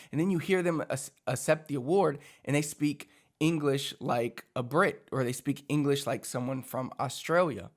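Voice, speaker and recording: A man from Puerto Rico talks through speaking tips like a chatty coach, voice sitting a touch high. He keeps it loose and animated, leaning on fillers as he explains. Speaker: language coach. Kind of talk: casual teaching monologue.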